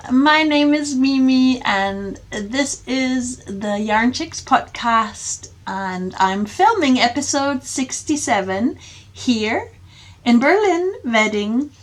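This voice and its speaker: A woman hosting a casual crafting podcast from home, with a croaky voice from a sore throat, chatty and self-deprecating, laughing often. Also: high-pitched. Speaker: podcast host. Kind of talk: casual knitting podcast chat. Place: home, table with projects, cats around.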